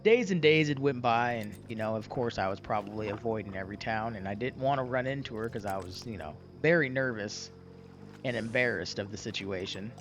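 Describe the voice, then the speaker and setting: A man's voice: lowish voice, brisk, a bit bright, soft background music. A young man casually telling a roleplay story in a folksy, rambling way with many fillers and restarts.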